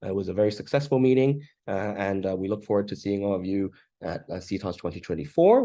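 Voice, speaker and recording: A man, an oncologist, giving a measured talk in his early-morning voice over a video call, pausing often with "uh". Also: lowish voice, lively intonation, warm tone. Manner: measured, frequent "uh" pauses. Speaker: oncologist presenting research. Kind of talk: conference talk and Q&A.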